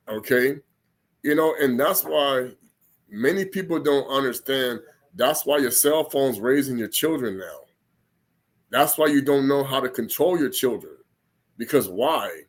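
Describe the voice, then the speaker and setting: A man preaches in a loose, conversational way, his voice sitting a little high for a man. He rambles, restarts his sentences and repeats words as he goes. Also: expressive, moderate pace. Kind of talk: informal spoken sermon.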